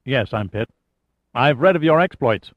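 A man's voice: medium pitch, animated, moderate pace, no echo, lightly acted. A composed expedition leader who briefs and directs without fuss, voiced by a male audiobook reader close to his own voice. His delivery is level and plain. The recording is dry and a little muffled. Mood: matter-of-fact. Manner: level, matter-of-fact.

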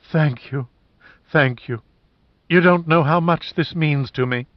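A man's voice: fairly high pitch, slow pace, dry recording, pitched above the performer's own voice. Man reading as an emotional, teasing wife. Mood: overjoyed. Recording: dull dry audiobook recording.

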